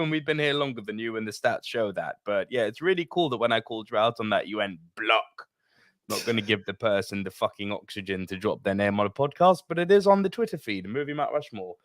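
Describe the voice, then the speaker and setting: A British man with a fairly low voice tells a story on a podcast in a loose, chatty way. His pitch leaps up suddenly when he gets worked up, and he swears freely. The sound is dry and close to the mic. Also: no echo. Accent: British English. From England. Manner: animated storytelling, swearing, quick pitch jumps. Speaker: podcast co-host. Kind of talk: casual chat.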